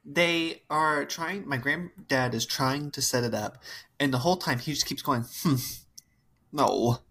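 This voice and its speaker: A woman co-hosting a podcast, casually telling a family story in a wry, amused way with drawn-out asides. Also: sits low, fairly bright tone, slight background noise. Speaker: podcast co-host.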